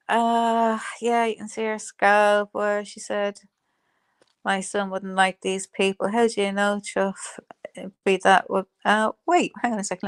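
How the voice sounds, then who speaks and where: A woman's voice: mid-range voice, dry recording, clean studio sound. A woman hosting a casual live stream, reading viewer comments with sarcasm, frequent swearing and laughter. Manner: sarcastic and profane, laughing often.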